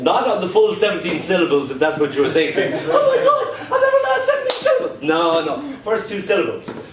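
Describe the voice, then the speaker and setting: A man doing a live poetry reading with dry, deadpan humor, slowing right down to recite his lines. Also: fairly high pitch. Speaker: performance poet. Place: live performance at a pub club night. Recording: echoey room, distant mic, noisy.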